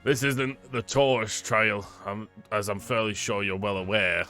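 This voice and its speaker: Game read: man voicing a smug inspector, dry and cutting, bright tone. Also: on the low side, fairly even intonation, unhurried, faint music behind. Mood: sardonic. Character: smug middle-aged male police inspector.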